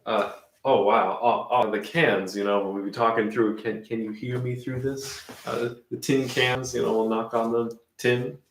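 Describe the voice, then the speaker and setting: A man playing an improv word game, talking in a halting, musing way. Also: mid-range voice, little pitch movement, echoey room, a little hiss or hum. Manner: halting, musing, full of fillers.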